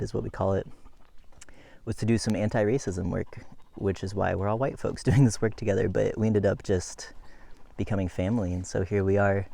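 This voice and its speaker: A man's voice: lowish voice, vocal fry, warm tone. A man talking to his camera while cycling uphill outdoors, chatty, laughing and out of breath. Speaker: cycling vlogger. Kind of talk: casual vlog while riding. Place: outdoors, riding a bike uphill. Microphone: phone camera held while cycling.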